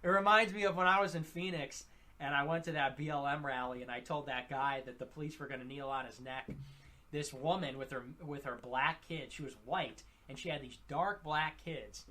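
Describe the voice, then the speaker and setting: A man rambling through a monologue, halting with fillers and restarts. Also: on the high side, sharp tone. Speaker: livestream commentator.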